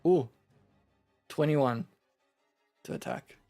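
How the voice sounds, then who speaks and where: A man's voice: on the high side, slow pace, faint music behind. Man running a tabletop game, explaining rules. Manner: relaxed, explains rules step by step. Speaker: game master. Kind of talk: narrating and ruling a tabletop game.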